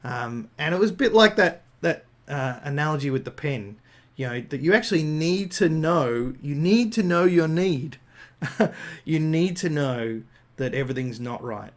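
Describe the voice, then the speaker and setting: An Australian man offers an improvised Christian talk, frequently using fillers and restarting as he thinks aloud. He speaks at a normal speed in a fairly high, animated voice.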